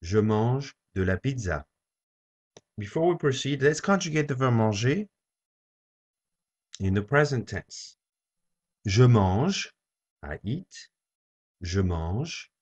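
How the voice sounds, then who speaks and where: A man teaching a French lesson, saying each phrase slowly and repeating it for learners to copy. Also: mid-range voice, very animated, husky. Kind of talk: slow language lesson. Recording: dull lo-fi recording.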